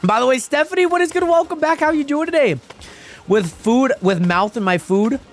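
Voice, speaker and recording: A young man on a gaming livestream, talking to chat in a high voice that swings all over the place. He rambles casually to his viewers and bursts into yelps during fights. Dance pop music plays faintly behind him. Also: moderate pace. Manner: chatty, addresses viewers constantly, yelps excitedly during fights. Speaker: live streamer.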